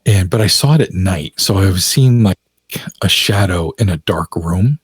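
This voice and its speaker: A man's voice: low-pitched, moderate pace, breathy edge, no echo. A man, a podcast guest, telling a personal story in loose, chatty speech full of fillers, often laughing. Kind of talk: casual storytelling in a podcast interview.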